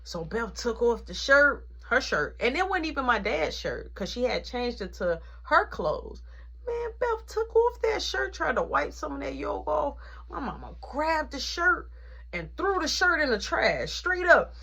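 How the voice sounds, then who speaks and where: A woman telling a storytime vlog in a lively, slangy way. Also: high-pitched, unhurried, creaky. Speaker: vlogger.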